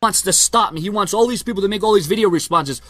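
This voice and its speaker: A man's voice: high voice, fast, heavy background noise. A man cutting a boastful, taunting wrestling-style promo rant. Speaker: YouTuber in a played clip.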